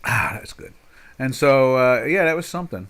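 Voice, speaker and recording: A man's voice: medium pitch, lively intonation, moderate pace, a bit bright, a little hiss or hum. A man in his sixties giving rambling, folksy live trading commentary with sarcastic asides from a home trading desk. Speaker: market commentator.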